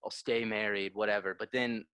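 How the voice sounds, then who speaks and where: A man co-hosting a podcast, chatting in a casual, animated way with swearing. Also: fairly low pitch, smooth, no room sound. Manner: animated, swearing, quick laughs. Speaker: podcast co-host. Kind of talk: casual chat.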